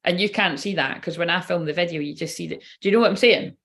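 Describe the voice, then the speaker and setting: A woman's voice: lowish voice, fast, fairly bright tone. Chatty woman who swears freely. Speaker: tarot card reader. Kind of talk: casual rambling chat to viewers.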